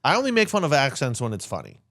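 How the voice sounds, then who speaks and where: A man co-hosting a casual podcast, loud and animated, full of crude jokes. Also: medium pitch, rapid-fire. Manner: animated, crude humor, mock voices. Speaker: podcast co-host.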